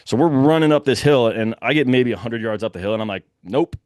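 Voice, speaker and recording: A young man telling a hunting story in a lively, casual way, acting out the shouts of the people in it. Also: medium pitch, fast, clean tone, no echo, clean studio sound. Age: young adult. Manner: animated, breathless retelling with quoted shouts.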